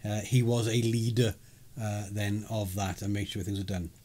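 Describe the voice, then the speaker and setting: A man's voice: fairly low pitch, fairly even intonation, moderate pace, warm tone. Rambling, chuckling man. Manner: rambling, chuckling, with many fillers and restarts. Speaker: podcast co-host. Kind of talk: casual chat recapping a live-action role-play event.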